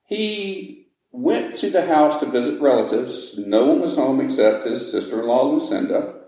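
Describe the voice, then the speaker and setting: A man telling a ghost story to visitors inside an old jail, with slow, dramatic pacing. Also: medium pitch, lively intonation, dark tone. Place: old jail building, indoors. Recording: echoey stone room.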